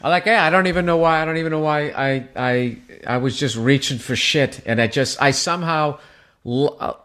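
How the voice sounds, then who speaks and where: A man's voice: on the high side, brisk. A male comedian with a Boston accent telling a story on stage in a casual interview, swearing often and acting out crowd voices. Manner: animated, profane, acts out crowd voices. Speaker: guest comedian.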